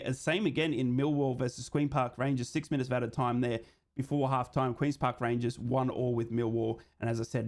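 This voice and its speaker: A man's voice: mid-range voice, a little mellow. A man hosting a live football watchalong, giving running play-by-play and reading out viewer comments. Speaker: host of a live match watchalong stream.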